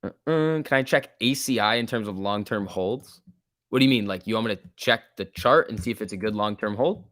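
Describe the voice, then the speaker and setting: A man's voice: lowish voice, brisk, a bit bright, no echo, studio quality. A man casually commenting on a livestream and reading out chat, laid-back and chatty, laughing often. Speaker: stock market livestream host.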